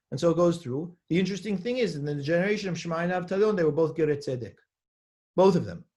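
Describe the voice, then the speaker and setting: A middle-aged man teaching as a rabbi, reading names off quickly and then slowing down to stress his points and quiz his class. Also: on the high side. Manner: reads names rapidly, then slows down to stress points and asks the class questions. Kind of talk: lesson reading and explaining a text.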